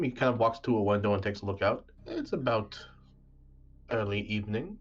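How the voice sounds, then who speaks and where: Low-ish guy gm-ing a tabletop game, casual and rambly, muffled stream audio. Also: animated, brisk. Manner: casual, filler-heavy narration. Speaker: game master.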